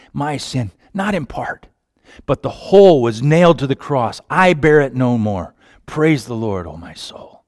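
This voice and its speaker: Slow, impassioned male preacher. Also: medium pitch, no echo, studio quality. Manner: impassioned, swings from quiet to sudden wailing cries. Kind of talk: sermon.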